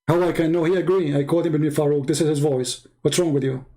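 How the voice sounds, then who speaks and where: A man's voice: a little high, steady tone, fast, warm tone. A man hosting a livestream, talking in a mocking, taunting way and repeating phrases for emphasis. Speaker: livestream host. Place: home setup streaming online.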